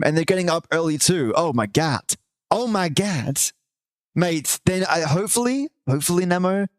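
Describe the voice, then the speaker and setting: A man's voice: on the high side, no echo, clean studio sound. Chatty, affectionate man streaming live. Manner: chatty and affectionate, many restarts and drawn-out greetings. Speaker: livestream host. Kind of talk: casual chat with viewers.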